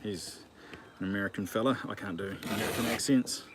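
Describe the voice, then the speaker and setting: A man's voice: fairly low pitch, a little fast. A man chatting jokingly to his channel while sharpening a chainsaw outdoors. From New Zealand. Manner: joking, self-mocking, easily distracted. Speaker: channel host. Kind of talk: casual chat while working. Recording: noisy outdoor recording with filing and birds.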